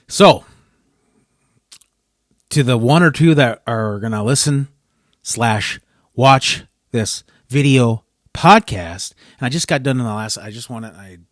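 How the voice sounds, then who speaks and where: A man's voice: mid-range voice, expressive, a little slow, pauses often, no room sound, studio quality. A man hosting a solo podcast, rambling and frustrated, often breaking off mid-sentence. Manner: frustrated, rambling, self-interrupting. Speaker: podcast host.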